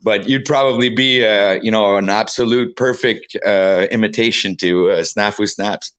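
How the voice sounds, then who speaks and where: A man hosting a casual live-stream panel over a video call, joking and pleading with a guest, halting and full of fillers. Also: on the low side, a bit bright.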